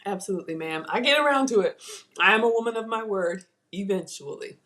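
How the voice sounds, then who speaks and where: A woman's voice: medium pitch, fairly quick, fairly bright tone. A woman hosting a live home cooking class, chatty and self-teasing as she talks to viewers from her kitchen. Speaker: cooking show host.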